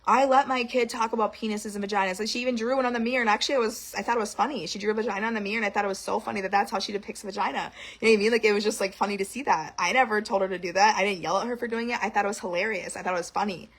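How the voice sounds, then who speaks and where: A young woman ranting in an outspoken, animated monologue to camera. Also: medium pitch, rapid-fire, few pauses. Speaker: vlogger.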